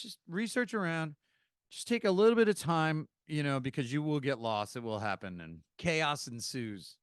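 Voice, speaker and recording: Man from the US, podcast host, fairly high voice, smooth and resonant, casual emphatic monologue. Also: a bit bright, dry recording, studio quality. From United States. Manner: emphatic, chatty advice-giving with asides.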